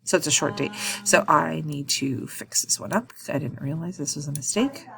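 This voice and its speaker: A woman walking through a software task in a screen-recorded tutorial, thinking aloud with frequent ums and quick self-corrections. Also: sits low, creaky, faint music behind. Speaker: instructor.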